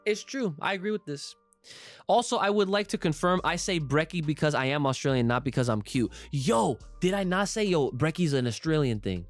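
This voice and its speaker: A man's voice: fairly high pitch, expressive, a little fast, soft background music. A young man co-hosting a casual podcast, talking animatedly, swearing and laughing as he reads listener comments aloud. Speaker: podcast co-host.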